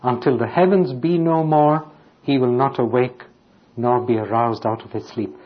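A man of middle pitch delivers a sermon, reading scripture passages aloud and pressing his listeners with rhetorical questions. The recording sounds dull and lo-fi, with little top end. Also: steady tone, normal speed. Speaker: preacher.

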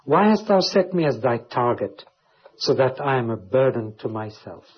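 A man gives a verse-by-verse Bible teaching, reading each passage aloud before explaining it. His voice has a husky, breathy edge. The recording sounds dull and lo-fi. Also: mid-range voice, sing-song, normal speed. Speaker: preacher.

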